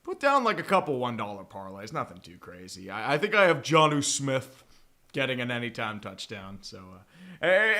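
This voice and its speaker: A man's voice: medium pitch, very animated, normal speed, pushed and bright. A young man casually chatting and joking through a live sports watch-along, profane and rambling with dramatic swings. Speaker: livestream host.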